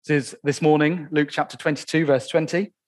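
Male preacher, church sermon, emphatic, rhetorical questions, voice a touch high. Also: steady tone. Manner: emphatic, slows down to stress key phrases.

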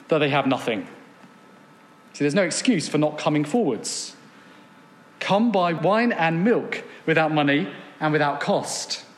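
A man's voice: fairly high pitch, fairly bright tone. A man preaching an evening sermon, earnest, reading scripture aloud and asking rhetorical questions. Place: church gathering room. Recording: long hall reverb.

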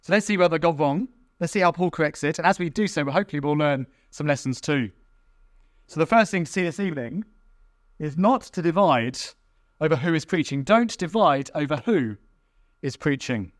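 A man preaching a sermon, animated, sometimes acting out quarrelling churchgoers in mocking voices. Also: on the high side, normal speed, no echo, studio quality.

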